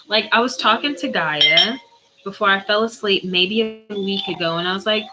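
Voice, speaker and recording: A woman's voice: medium pitch, moderate pace, bright, forceful tone, slight background noise, rough recording. A woman, chatting casually on a livestream as a spiritual reader, answering viewers' questions in a playful, easily sidetracked way. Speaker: spiritual reader hosting a live Q&A.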